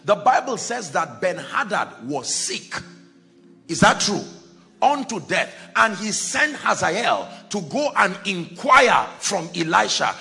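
Gravelly, animated male preacher. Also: slow, soft background music. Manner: dramatic storytelling, swings between loud exclamations and low quiet lines. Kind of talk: sermon.

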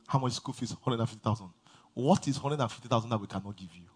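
A man's voice: mid-range voice, fast, a little mellow, husky. A man preaching a sermon to a large church congregation, emphatic and drawing responses from the crowd. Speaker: pastor.

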